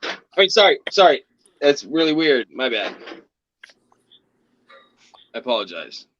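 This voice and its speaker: A man's voice: mid-range voice, sing-song, unhurried, fairly bright tone, no echo. A man rambling casually as a guest on a livestream, sometimes swearing and then apologizing. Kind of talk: casual chat. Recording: dull lo-fi stream audio.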